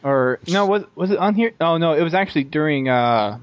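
A man's voice: fairly high pitch, lively intonation, brisk. A man hosting a podcast in casual chat, chatty and easily amused. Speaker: podcast host. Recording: muffled lo-fi audio.

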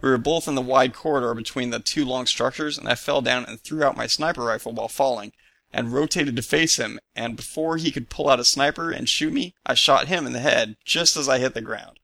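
A man co-hosting a gaming podcast, reading a listener's story aloud with upbeat quick reactions. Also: medium pitch, gravelly, bright, forceful tone, dry recording. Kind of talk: casual chat, reading letters aloud.

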